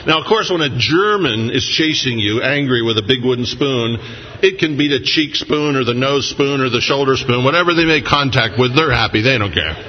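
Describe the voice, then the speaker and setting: A little hiss or hum runs through a dull lo-fi recording of a pastor preaching in an echoing hall. His mid-range voice has lively intonation at a normal speed as he moves from funny family stories to earnest reflection.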